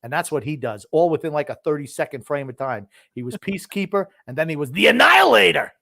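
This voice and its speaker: Casting: male podcast co-host, slightly high voice, play-by-play storyteller with punchy sound effects. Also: very animated, quick pace, vocal fry, bright, forceful tone. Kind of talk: casual chat reacting to a video.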